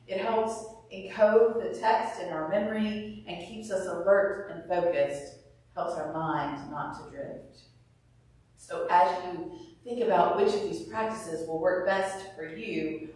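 Calm woman teaching in an echoey room. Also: medium pitch, distant mic. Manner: calm, measured, explanatory. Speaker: Bible teacher. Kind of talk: teaching on scripture meditation. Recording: roomy echo, voice somewhat off-mic.

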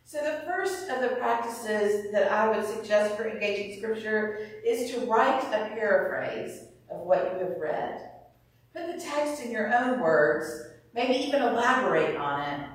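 A woman teaching about scripture in a calm, measured voice. Her voice rings in a very echoey room. She sounds set back from the microphone. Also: a little high, recorded from a distance. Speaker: Bible teacher. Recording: roomy echo, voice somewhat off-mic.

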